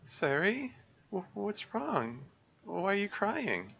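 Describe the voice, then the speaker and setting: A man voicing a caring, earnest teenage girl, club president, speaking in a gentle, pleading, concerned way. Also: high-pitched, huge pitch swings, slow, vocal fry, slightly rough, dull audio, pitched above the performer's own voice, full character voice. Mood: worried.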